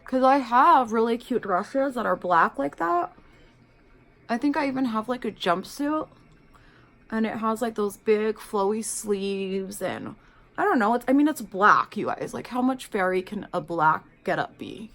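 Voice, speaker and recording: A woman's voice: on the high side, a little slow. A woman vlogger chatting casually while doing makeup, telling a story animatedly and saying "like" and "you guys" a lot. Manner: animated storyteller, acts out quoted people; filler-heavy, says "like" and "you guys".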